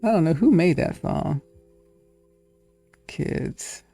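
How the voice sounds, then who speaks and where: A woman's voice: low voice, expressive, slow, creaky, mellow, soft background music. A woman hosting her own video, chatting casually and thinking aloud, laughing often. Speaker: host. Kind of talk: casual chat.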